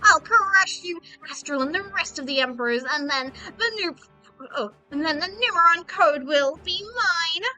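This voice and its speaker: A woman putting on a sneering young male villain who gloats with loud shonen-style swagger. The voice is high, bright and sharp, and faint music plays underneath. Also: animated, normal speed, heavily acted, poor audio. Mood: gloating.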